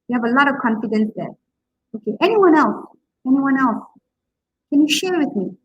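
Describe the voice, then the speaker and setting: A woman's voice: on the high side, slightly rough, no room sound, muffled recording. A woman lecturing on public speaking, who asks her class questions and pads her talk with "okay" and "right". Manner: encouraging, asks questions, many okays and fillers. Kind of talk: interactive online lecture.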